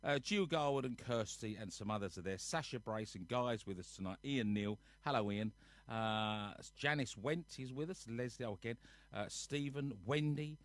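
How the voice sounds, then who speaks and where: A man's voice: mid-range voice, normal speed, no echo. A man, hosting a nightly livestream from his sofa at home, chatting casually and reading out viewers' names with jokes between them. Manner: chatty, jokey, reads out viewers' names one by one.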